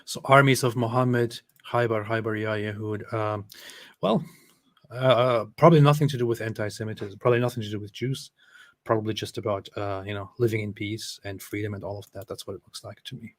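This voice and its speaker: Sarcastic male host reacting to clips, flat dry recording. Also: fairly low pitch, brisk, dry recording. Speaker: commentary host. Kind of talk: casual reaction commentary.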